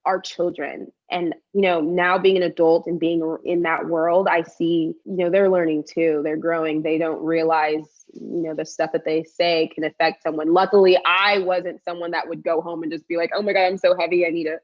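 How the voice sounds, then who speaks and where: A woman's voice: low voice, normal speed, hardly any pauses, dull audio. A woman in her twenties with a Texan accent, a cheerleading coach chatting as a podcast guest and quoting herself as she tells stories. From Texas. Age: 20s. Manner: chatty, animated storyteller, quotes herself often. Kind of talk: casual podcast interview.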